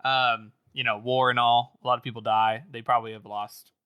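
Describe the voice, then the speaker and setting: A man's voice: mid-range voice, little pitch movement, brisk, clear, resonant tone, no room sound, muffled recording. A man co-hosting a book podcast, musing and hedging his opinions while laughing often. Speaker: podcast co-host. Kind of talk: casual book-discussion chat.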